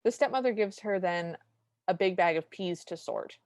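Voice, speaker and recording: A woman's voice: fairly low pitch, moderate pace, a little mellow, no echo. A woman co-hosting a podcast, chatting casually and enthusiastically while recapping a film scene by scene. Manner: enthusiastic, retells scenes with acted quotes. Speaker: podcast co-host.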